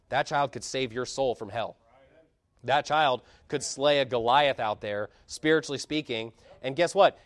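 A man preaches with fiery conviction, his fairly high voice surging to loud emphatic peaks, then sinking into low, hushed asides. The sound is close and dry, with no room echo. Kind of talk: sermon.

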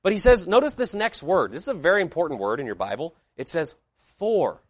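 A man preaching a sermon with an animated, fairly high voice that rises and falls widely. He drives his points with emphatic declarations, rhetorical questions and sudden quiet asides. The sound is close and dry, with no room echo. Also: brisk. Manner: asks the congregation rhetorical questions. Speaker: pastor.

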